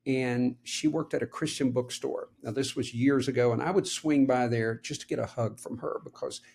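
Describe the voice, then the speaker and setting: A man's voice: medium pitch, steady tone, normal speed, creaky, breathy edge. A man co-hosting a podcast, telling anecdotes and giving advice in a casual, storytelling manner. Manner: warm storyteller, laughs easily. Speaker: podcast co-host.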